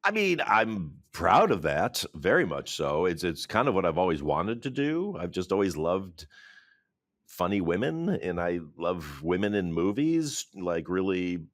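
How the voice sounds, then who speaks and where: A man, a film director, talking in an interview from his office, animated, laughing often and acting out quotes. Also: sits low, a little slow, dry recording, studio quality. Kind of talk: interview conversation.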